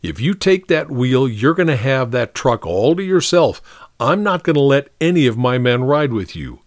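A man's voice: mid-range voice, sing-song, moderate pace, no room sound, clean studio sound, close to an everyday voice. A man voicing a weary, stubborn army sergeant who pushes back at his officer. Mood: defiant.

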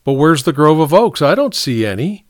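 A man's voice: fairly high pitch, very animated, normal speed, no room sound, studio quality, voice pushed up. A man voicing a sweet, teasing young woman in an audiobook.

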